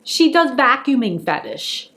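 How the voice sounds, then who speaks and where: A woman's voice: high-pitched, sing-song, measured pace, fairly bright tone, full character voice. A woman mimicking a dismissive man explaining things matter-of-factly, with a New York accent.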